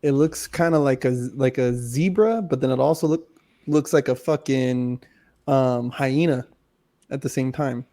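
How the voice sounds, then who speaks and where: A man's voice: medium pitch, a little slow, mellow. A young man co-hosting a casual podcast, rambling and laughing, often trailing off mid-sentence. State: has hiccups. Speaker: podcast co-host. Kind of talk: casual chat.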